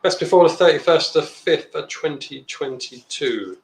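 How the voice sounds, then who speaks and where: A man's voice: fairly high pitch, expressive, moderate pace, creaky, roomy sound, poor audio. A man hosting a casual live beer review, chatting bluntly and reading out viewer comments. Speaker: beer review channel host. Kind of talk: casual live-stream chat.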